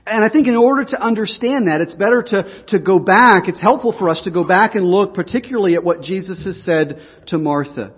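High-voiced husky preacher in a hall. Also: male voice, brisk, few pauses, lo-fi sound. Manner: explanatory, asks the congregation questions. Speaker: pastor. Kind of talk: sermon.

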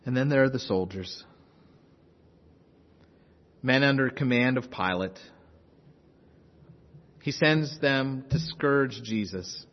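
A man's voice: medium pitch, slow, long pauses, highs cut off. Impassioned preacher man in a reverberant hall. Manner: impassioned, swings from loud urgency to hushed intensity. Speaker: pastor. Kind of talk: sermon.

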